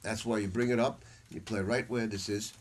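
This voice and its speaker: A man's voice: lowish voice, fairly even intonation, moderate pace. An older man teaching a saxophone masterclass in a casual, blunt way, with slang and the odd swear word. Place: music store room with students.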